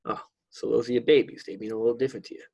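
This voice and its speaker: Husky New man chatting casually. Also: mid-range voice, little pitch movement, rapid-fire, dark tone, dull audio. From New York. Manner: laid-back, rambling, swears freely. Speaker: podcast co-host. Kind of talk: casual chat.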